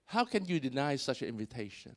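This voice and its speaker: Animated male preacher. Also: fast talker. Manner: animated, voice swells on key points and drops low after. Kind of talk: sermon.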